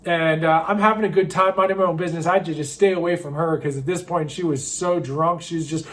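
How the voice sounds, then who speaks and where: A man's voice: fairly high pitch, steady tone, fast. A man in his thirties telling a comic true story about himself, wry and self-mocking, rambling with fillers.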